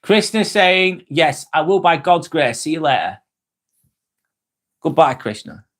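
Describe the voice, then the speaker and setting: A man's voice: on the high side, very animated, a little slow. Male streamer, casual and jokey, reads chat aloud, swears freely. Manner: reads viewer comments aloud and replies, joking and swearing freely. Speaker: live-stream host.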